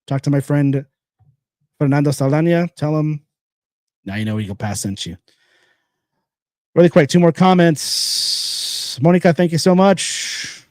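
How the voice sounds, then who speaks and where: A man's voice: on the high side, expressive, unhurried, long pauses, dry recording, studio quality. Blunt rambling man hosting a podcast. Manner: blunt and rambling, with repeated phrases and sponsor shout-outs. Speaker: podcast host. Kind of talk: casual solo podcast monologue.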